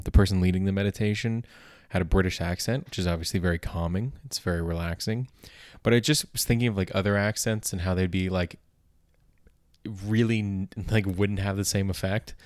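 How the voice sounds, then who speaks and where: A man with a very low voice hosting a comedy podcast alone. He rambles loosely, piling up filler words and restarts. The recording is dry and close. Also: darkish tone, dry recording. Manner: rambling, heavy on filler words and self-corrections. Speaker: podcast host.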